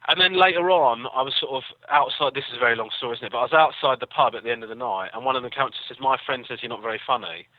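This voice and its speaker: A man's voice: medium pitch, racing, hardly any pauses, no echo, phone-quality sound. An English man, a comedian guest, telling rambling anecdotes with a dry, self-deprecating humor. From England. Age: young adult. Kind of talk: casual storytelling.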